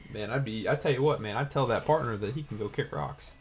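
A man's voice: mid-range voice, fast talker, creaky. A man co-hosting a casual gaming chat while playing, laid-back and slangy, swearing casually. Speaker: co-host of a game challenge series.

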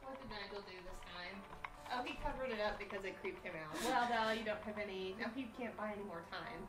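A woman's voice: medium pitch, fast talker. Curious woman chatting over game music. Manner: curious, questioning. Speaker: co-host friend. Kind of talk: casual chat.

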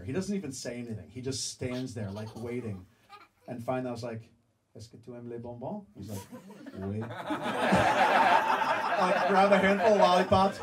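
A man telling a story to a live audience in an animated, self-mocking way, acting out the voices in it. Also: a little high, recorded from a distance. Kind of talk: storytelling talk.

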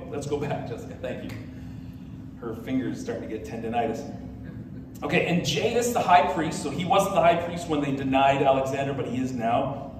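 A male pastor with a fairly high voice tells a story in a lively, animated way, adding many asides for his congregation. His voice booms around a large, reverberant sanctuary and is picked up from a distance, with faint room ambience underneath. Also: background noise. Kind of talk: sermon. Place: church sanctuary. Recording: echoey hall from far off.

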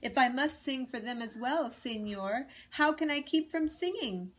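A woman voicing a cheerful, stubborn male rooster in a storybook read-aloud, with a bright, sing-song, defiant way of talking. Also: high voice, lively intonation, a little slow, voice pushed up, exaggerated voice.

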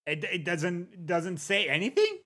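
Slow, unhurried livestreamer reading chat. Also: medium pitch, wildly swooping pitch, a bit bright. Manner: reads chat aloud and greets viewers between musings; amused, drawn-out repeats of words.

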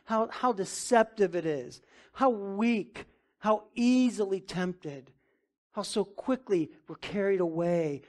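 Emphatic male pastor preaching. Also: takes it slowly. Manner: emphatic, rising to near-shouting then dropping low; casual asides with "man" and "right". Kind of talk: sermon.

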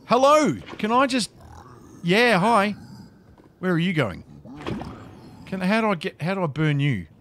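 A man's voice: sits high, sing-song, a little slow, pauses often, a bit bright, a little hiss or hum. A man giving casual, flustered commentary while playing a video game, chatting to the creatures on screen.

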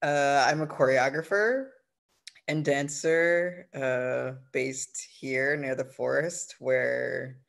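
A choreographer and dancer introducing themselves on an online artist panel, relaxed and lightly humorous, over a video call. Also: medium pitch, slow pace, gravelly.

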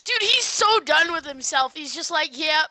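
An excitable gamer talking with a teammate over voice chat, the voice very high and bright. Exclamations burst out in a steady stream, with "dude" dropped into almost every line. It is loose, casual banter into a headset or desk mic. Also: normal speed, dry recording. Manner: excitable, shouts exclamations, says dude often.

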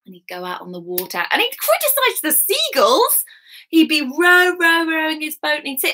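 A woman's voice: high voice, sing-song, moderate pace, bright, forceful tone. A woman at home leading an interactive children's story time, coaxing and talking straight to the kids.

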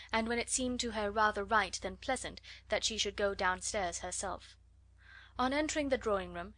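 Woman, audiobook narrator, measured clear reading, middling pitch, classic novel. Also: fairly bright tone. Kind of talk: scripted narration.

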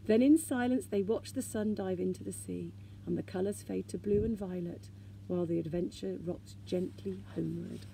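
Teacher lady reading a kids story out loud, gentle, dark warm tone. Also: on the low side, moderate pace, creaky, slight background noise. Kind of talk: storybook read-aloud.

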